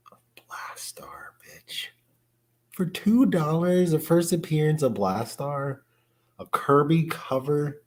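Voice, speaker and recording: A comic collector chats casually on a livestream, excitable and full of slang, laughing often. His voice sits at a medium pitch.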